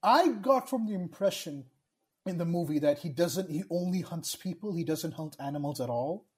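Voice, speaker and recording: Man, casual podcast rant, exasperated, swears a lot, highish voice, very lively pitch. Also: moderate pace. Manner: ranting, exasperated, swears often. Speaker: podcast co-host. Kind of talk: casual chat.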